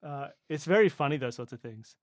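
A man's voice: fairly high pitch, expressive, fairly quick, no room sound. Chatty Australian man, dry close mic. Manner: chatty, explains at length with asides. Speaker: podcast co-host. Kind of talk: casual chat.

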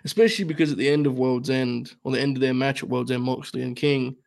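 Gravelly, thoughtful male podcast co-host. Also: mid-range voice, steady tone, fast talker, a little mellow. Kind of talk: casual chat, giving opinions.

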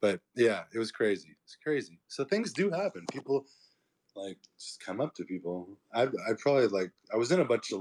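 A man who fights MMA, talking as a podcast guest, telling a story casually, with lots of fillers, and acting out the people he quotes. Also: low-pitched. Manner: animated, acts out quoted voices, filler-heavy.

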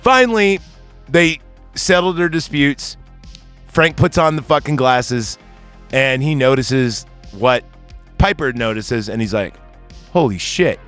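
A man recaps a movie slowly and expressively in a mid-range, slightly bright voice, chatting as a podcast co-host. He tells the story in a meandering, profane way with lots of fillers, backed by soft music.

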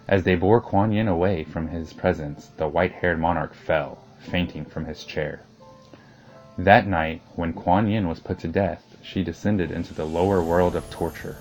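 A man narrating an old legend in a measured, solemn storybook reading. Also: sits low, fairly even intonation, a little mellow, soft background music, poor audio.

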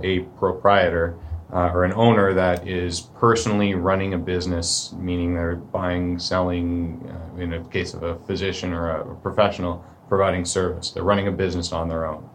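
Canadian lawyer guy, really low voice, plain-spoken, faint hiss behind. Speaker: corporate lawyer. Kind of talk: explanatory podcast conversation.

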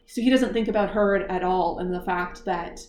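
Animated woman retelling a plot, echoey room. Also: fairly low pitch, moderate pace. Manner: animated storytelling, laughs often. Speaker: book club podcast host. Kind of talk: casual chat. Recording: echoey room, faint noise.

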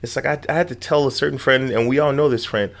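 A man's voice: medium pitch, steady tone, fast talker. A man in his fifties in a casual group chat, talking frankly with plenty of swearing and easy laughs. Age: 50s. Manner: frank and profane, laughs easily.

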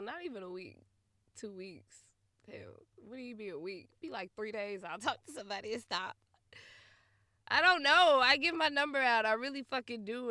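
Profane, bright-voiced woman podcast host. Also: a little high, no room sound, clean studio sound. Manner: profane, blunt, laughing, swings from muttering to loud outbursts. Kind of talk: casual storytelling monologue.

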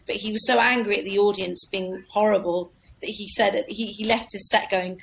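A woman's voice: mid-range voice, normal speed, slight background noise, rough recording. A woman comedian telling an anecdote in a casual interview, acting out the people she describes. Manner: lively storyteller acting out voices. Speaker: comedian guest.

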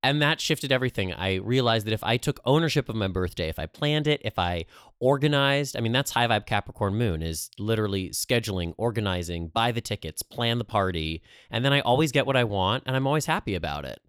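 A man's voice: fairly low pitch, lively intonation, brisk, a bit bright, clear, resonant tone, no room sound, studio quality. A man in his thirties co-hosting a podcast, chatting playfully and openly about his birthday and astrology. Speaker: podcast co-host. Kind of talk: casual chat.

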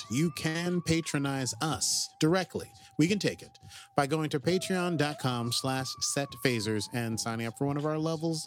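A man co-hosting a casual podcast, playful and chatty, often reading quotes aloud with quick asides. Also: on the high side, slight background noise. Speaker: podcast co-host.

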